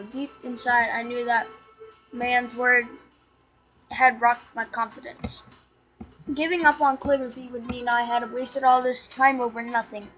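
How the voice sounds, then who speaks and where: A woman's voice: a little high, sharp tone, muffled recording. A woman reading a story game aloud as narrator, chatty and often tripping over words and correcting herself. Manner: chatty, stumbles and self-corrects while reading. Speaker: channel host reading a game. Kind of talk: reading a visual novel aloud.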